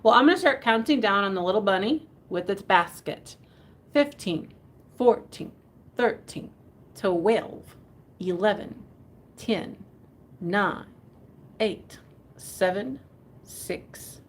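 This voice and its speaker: A woman's voice: mid-range voice, expressive, slow, long pauses. Chatty woman hosting a live sale. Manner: chatty, giggly, rambling. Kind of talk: casual live selling chat. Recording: faint background noise.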